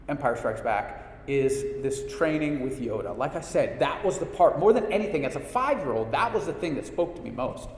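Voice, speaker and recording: A middle-aged man hosting a spiritual talk, telling stories casually with many restarts and fillers. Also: fairly high pitch. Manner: chatty storyteller, frequent restarts and fillers. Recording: echoey hall reverb.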